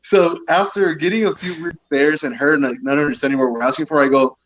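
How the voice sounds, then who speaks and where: A man's voice: fairly high pitch, fairly even intonation, a little fast, a bit bright. A man from San Diego chatting on a podcast, telling a rambling anecdote and putting on playful voices for the people he quotes. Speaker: podcast guest, events director. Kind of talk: casual chat, storytelling. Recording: dull lo-fi podcast audio.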